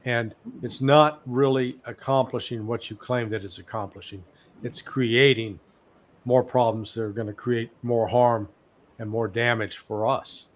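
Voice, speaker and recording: A man's voice: medium pitch, steady tone, measured pace. An older man in his sixties, a guest analyst giving blunt, sarcastic commentary in a live interview, telling stories with animation.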